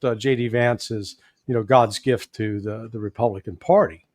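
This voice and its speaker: A man with a Midwestern accent, a guest commentator talking politics in a folksy, animated way with joking asides. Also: medium pitch, normal speed, no echo, clean studio sound. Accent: Midwestern American.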